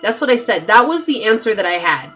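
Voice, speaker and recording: A woman's voice: mid-range voice, sing-song, a little fast, fairly bright tone, faint music behind. Emphatic woman giving a tarot reading. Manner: emphatic, repeats herself, talks straight to viewers. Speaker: tarot reader. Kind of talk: pick-a-card tarot reading.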